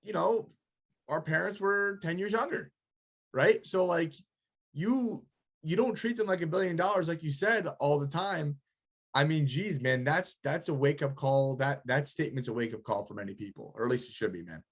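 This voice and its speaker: A man's voice: a little high, normal speed. A man of twenty-four hosting a casual podcast, laid-back and peppering his talk with bro and man. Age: 20s. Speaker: podcast host.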